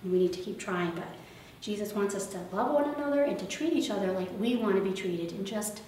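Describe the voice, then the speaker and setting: A woman leading a children's liturgy, retelling a gospel parable in a gentle, conversational way and asking the children questions. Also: mid-range voice, fairly quick, slight background noise. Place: church or parish hall. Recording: very echoey room, mic far off.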